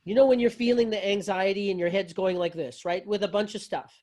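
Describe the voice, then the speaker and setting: A man's voice: high voice, steady tone, fairly quick, darkish tone. A man teaching yoga philosophy to a class, talking loosely and conversationally, with folksy phrasing and frequent restarts.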